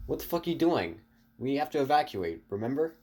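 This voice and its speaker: A man voicing a brusque, hurried lab worker calling out to a colleague. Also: medium pitch, big pitch swings, mellow, pitched above the performer's own voice. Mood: urgent.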